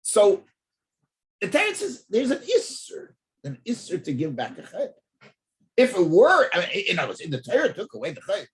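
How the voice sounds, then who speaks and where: A man teaching an in-depth Talmud class, animated, often repeating words as he thinks and asking rhetorical questions. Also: high voice, moderate pace.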